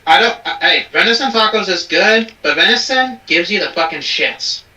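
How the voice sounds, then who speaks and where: A man's voice: high voice, lively intonation, normal speed, pushed and bright, distant mic. A man hosting a casual reaction chat, crude and profane, often restarting his sentences. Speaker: host. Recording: roomy, from off the mic.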